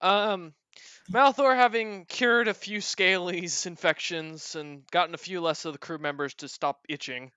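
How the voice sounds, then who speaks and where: Bright-voiced male game master. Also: sits high, a little slow, clear, resonant tone, no echo, muffled recording. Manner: relaxed, with frequent fillers. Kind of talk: narrating a tabletop game.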